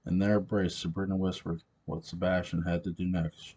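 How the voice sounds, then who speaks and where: A man narrating a story, reading in a slow, deliberate way. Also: sits low, little pitch movement, dark tone, slightly rough.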